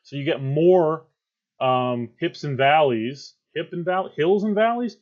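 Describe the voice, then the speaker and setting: A male math teacher giving a classroom lecture in an animated way, with joking asides and frequent check-ins with his students. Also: a little high, takes it slowly, highs cut off.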